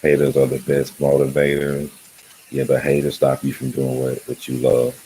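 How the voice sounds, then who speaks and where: Very deep-voiced man chatting casually. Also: completely flat delivery, normal speed, mellow, a little hiss or hum, poor audio. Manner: loose, rambling, laughs often. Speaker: YouTube channel host. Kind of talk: casual livestream chat.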